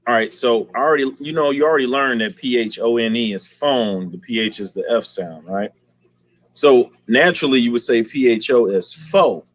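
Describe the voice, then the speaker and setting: A man's voice: mid-range voice, moderate pace, dry recording. A man hosting a casual aquarium livestream, talking in slang and greeting viewers by name.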